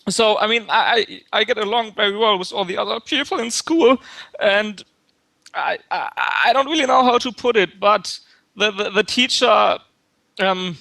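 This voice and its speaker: A man's voice: high-pitched, normal speed, creaky, bright, forceful tone, no echo, heavily acted. A man putting on a nervous young male student caller with a fake German accent, stammering and repeating his words. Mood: flustered. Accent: put-on German. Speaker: prank caller. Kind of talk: prank call-in.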